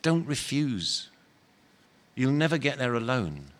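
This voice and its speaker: A gentle, humble male spirit, as a man reading a story voices him. He speaks low and soft, earnest and unhurried, with patient calm. The tone is plain and kind. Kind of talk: dramatic reading of a novel.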